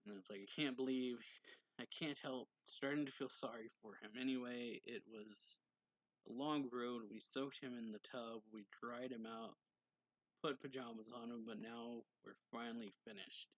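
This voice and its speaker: A man's voice: mid-range voice, steady tone, moderate pace, no room sound, low-quality recording. A man giving a casual, rambling recap of a manga chapter, reading characters' lines with small lifts in his voice. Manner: retells scenes loosely, acting out characters' lines with slight lifts. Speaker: manga reviewer.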